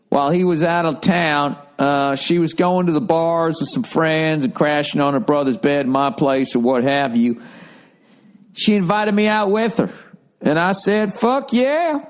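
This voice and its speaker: A man's voice: fairly high pitch, measured pace, pitched above the performer's own voice, lightly acted. A man putting on a silly Southern young guy. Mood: sheepish. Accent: put-on silly Southern accent. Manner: exaggerated drawl read aloud. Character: young male letter writer, mid-twenties, sheepish. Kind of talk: reading a listener letter in a joke voice.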